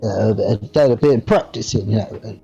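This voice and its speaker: A man putting on a rough British bloke, gravelly. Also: on the low side, brisk, dull audio, over loud music, voice pushed down. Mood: boastful. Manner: swaggering, crude put-on accent.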